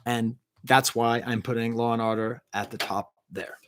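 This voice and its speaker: A man of middle pitch hosts a music review livestream from his home. He ranks albums with eager, rambling enthusiasm and keeps breaking off to answer the live chat. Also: level tone, moderate pace. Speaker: music review show host.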